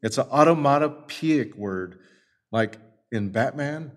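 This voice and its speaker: Male pastor, sermon delivery, emphatic, mid pitch. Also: normal speed. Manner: emphatic, building to forceful lists.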